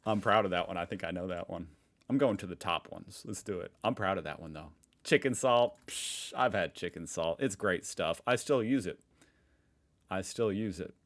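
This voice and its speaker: A man's voice: low voice, moderate pace, fairly bright tone. A young American man hosting a reaction video, chatting casually with curiosity and easy amusement. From United States.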